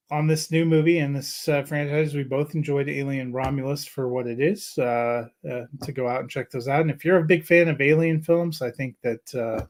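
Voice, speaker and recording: A man co-hosting a movie review podcast, with a voice of ordinary middle pitch. He talks casually and rambles, filling his pauses with plenty of "uh"s. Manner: relaxed, rambling with many "uh" fillers. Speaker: podcast co-host.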